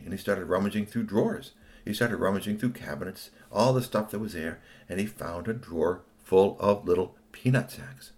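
A man telling an improvised children's story in an animated, playful way. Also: deep voice, normal speed.

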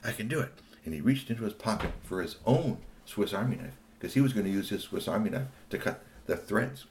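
Animated man telling a children's story. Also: on the low side, brisk, a little hiss or hum. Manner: animated, talks to young listeners.

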